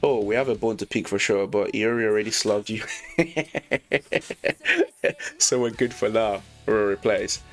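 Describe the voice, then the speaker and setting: A man casually reviewing a manga chapter, reading lines aloud, excited and slangy, laughing often. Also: fairly low pitch, normal speed, long pauses, faint music behind. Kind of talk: casual read-along commentary.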